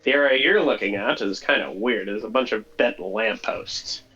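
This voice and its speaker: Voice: mid-range voice, normal speed, sharp tone, husky, muffled recording, soft background music. A game master narrating a tabletop game in a chatty way, with fillers.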